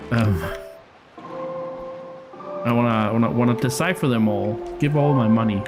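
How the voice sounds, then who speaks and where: A man's voice: mid-range voice, slow, long pauses, rough recording. A man casually commenting while playing a video game, rambling and amused at himself, stumbling over words, with game music behind. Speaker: game streamer.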